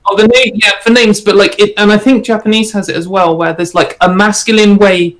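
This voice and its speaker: A man with a notably high voice explains a point carefully in a casual group chat, pausing with fillers as he goes. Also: flat delivery, a bit bright, low-quality recording. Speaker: panel guest.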